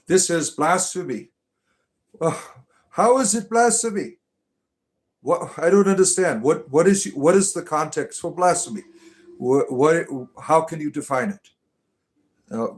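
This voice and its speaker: An older man rambling through mock-spiritual replies to comments, halting and chuckling, with an irreverent deadpan manner. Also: mid-range voice. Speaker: comedic spiritual character responding to comments. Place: Ireland.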